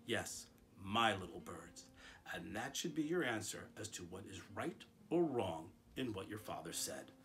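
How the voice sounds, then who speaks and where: A man reading aloud, voicing a gentle, wise school principal who speaks quietly and kindly. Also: low voice, very animated, unhurried, faint music behind, exaggerated voice. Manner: quiet, gentle and warm-hearted.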